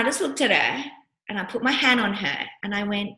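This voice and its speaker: Teaching a workshop at a moderate pace, a woman coach with a medium-pitched voice shares personal stories. She's an animated storyteller who performs the voices she quotes, heard in a recording with a roomy echo.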